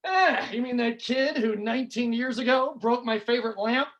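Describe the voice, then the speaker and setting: Woman doing a gruff judgmental old dad. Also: a little high, moderate pace, lo-fi sound, a little hiss or hum, natural voice. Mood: grumbling. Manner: grumbling, starts with a dismissive "eh". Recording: live club with crowd laughter.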